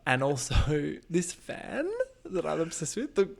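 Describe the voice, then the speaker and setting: A man's voice: fairly high pitch, big pitch swings, creaky, breathy edge. A man hosting a podcast, chatting casually and gossiping with a guest. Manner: gossipy, quick reactions. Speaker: podcast host. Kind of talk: casual chat recapping a reality show.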